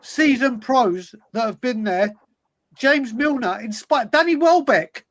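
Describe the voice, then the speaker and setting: A man's voice: extremely high pitch, lively intonation, slow pace, fairly bright tone, low-quality recording. A man hosting a football fan podcast, talking passionately and emphatically, often repeating himself for effect. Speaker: podcast host. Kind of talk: casual football chat.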